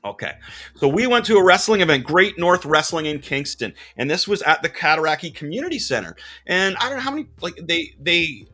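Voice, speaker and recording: A man hosting a casual live-stream chat from his comic shop. He is jokey and excitable, with sudden loud bursts. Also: a little high, fairly quick, soft background music. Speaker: podcast host and comic shop owner.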